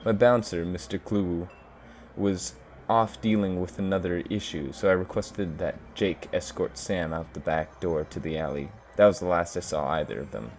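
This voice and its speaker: A man's voice: sits low, normal speed, a little mellow, a little hiss or hum. A man voicing a composed, guarded but playful woman who runs a bar, read aloud from a game.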